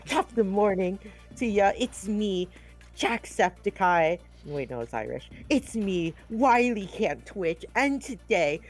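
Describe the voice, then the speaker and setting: A man doing a hammy, high-pitched impression of a chirpy YouTuber, over background music. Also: creaky, lightly acted. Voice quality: exaggerated, high, rambling. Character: hammy Irish-then-Australian YouTuber greeting, male.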